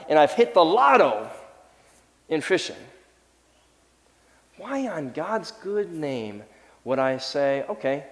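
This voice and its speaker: A man preaching a sermon as the pastor, lively and animated, sometimes acting out the voices of people in his story. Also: fairly high pitch, long reverb tail. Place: church sanctuary.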